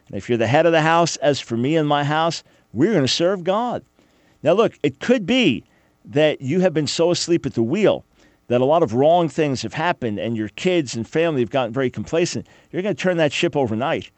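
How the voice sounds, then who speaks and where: A man's voice: medium pitch, animated, moderate pace, dry recording. A man hosting a radio talk show, preaching fervently and emphatically, often repeating his phrases.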